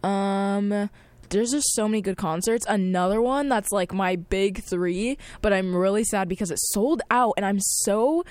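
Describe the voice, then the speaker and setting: A woman of twenty chatting casually on air as a campus radio host, excitable and full of slang and fillers. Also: medium pitch, unhurried, no echo. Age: 20s.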